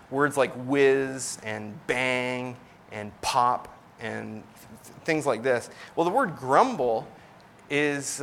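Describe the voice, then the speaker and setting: A male preacher in his thirties talks through his sermon in an easygoing, explanatory tone, full of ums and restarts. His voice sits at a middle pitch. A faint hum of ambience sits behind him. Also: bright, forceful tone. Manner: conversational, many fillers and restarts, explanatory. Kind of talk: casual sermon teaching.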